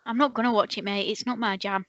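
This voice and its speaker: A woman's voice: medium pitch, steady tone, fast, fairly bright tone, no room sound, muffled recording. A woman co-hosting a podcast in casual chat, playful and self-mocking as she teases her co-host.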